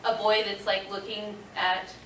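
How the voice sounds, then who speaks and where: A woman in her thirties with a slight twang, answering audience questions at a convention panel with lots of fillers and animated storytelling. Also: mid-range voice, measured pace, recorded from a distance, a little hiss or hum. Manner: chatty, many fillers, animated retelling. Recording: echoey room recorded from afar.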